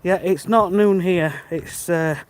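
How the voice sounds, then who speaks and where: A man's voice: sits high, slow pace, poor audio. British guy chatting to his stream on a morning walk, friendly, phone mic, bit of outdoor hiss. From Britain. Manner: friendly, chatty, thinking aloud. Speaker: livestream walker reading chat. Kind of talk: casual live-stream chat while walking. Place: outdoors on a dark rural road. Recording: faint outdoor background noise. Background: birds and passing cars.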